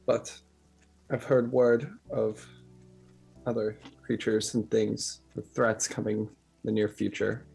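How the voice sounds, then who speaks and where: A man playing a stern male village master who gives brisk orders. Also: fairly low pitch, level tone, creaky, darkish tone, slightly rough, soft background music, full character voice.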